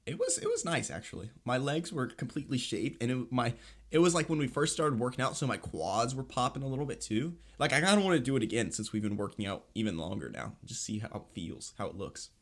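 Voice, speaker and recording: Animated young man telling stories. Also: mid-range voice, fast talker. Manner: animated storyteller, acts out voices, laughs often. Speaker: podcast co-host. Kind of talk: casual chat.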